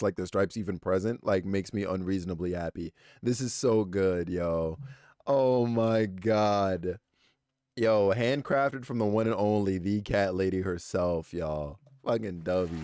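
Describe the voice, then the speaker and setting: A man's voice: lowish voice, a little mellow, no room sound, clean studio sound. A man streaming live, gushing over fan art with hyped, slangy, profane chatter at a desk microphone. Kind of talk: excited live-stream chat.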